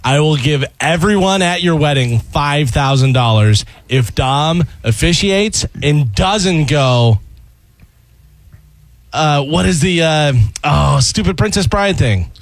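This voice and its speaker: A man's voice: on the high side, lively intonation, slow, dry recording. A man joining a radio talk show as a regular, chatting casually and teasing the others. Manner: teasing, talks over others. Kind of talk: casual banter.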